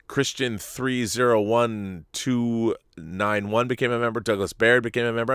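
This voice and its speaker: A man's voice: medium pitch, fairly bright tone, clear, resonant tone, dry recording, studio quality. A man hosting a live-streamed talk show, chatting casually to viewers in a rambling, stop-start way at a desk mic.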